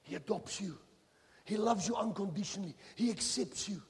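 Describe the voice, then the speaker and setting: High, gravelly South African preacher. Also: male voice, moderate pace. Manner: impassioned, swings from hushed to shouting; mixes Afrikaans phrases into English. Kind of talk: sermon. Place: large church hall. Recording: church hall with long reverb.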